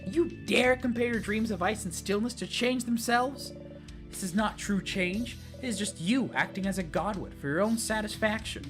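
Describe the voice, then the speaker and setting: A man's voice: high voice, moderate pace, voice pushed up, natural voice. A man voicing a fierce young woman who angrily defies a king, with game music behind. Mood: indignant. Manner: sharp, indignant retorts.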